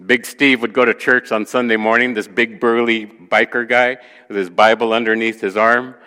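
A man's voice: mid-range voice, moderate pace, long reverb tail. A pastor, a man, telling a story from the pulpit, acting out the voices of the people in it. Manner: animated storyteller who acts out quoted voices. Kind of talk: sermon storytelling.

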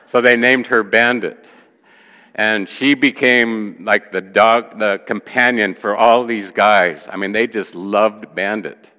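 A pastor recounts a story during his sermon, an animated storyteller who performs the quoted voices of its characters. He speaks on the low side at a slow pace, and the sound is that of a big room.

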